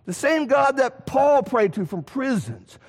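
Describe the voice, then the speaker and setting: A man preaching a sermon in a church, animated, asking rhetorical questions and swinging between loud and soft. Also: very high-pitched, a little slow. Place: church sanctuary. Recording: long hall reverb.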